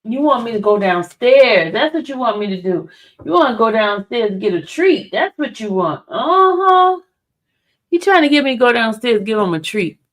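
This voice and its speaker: A woman's voice: a little high, big pitch swings, a little fast. A woman chatting casually with her viewers and teasing her dog with playful questions.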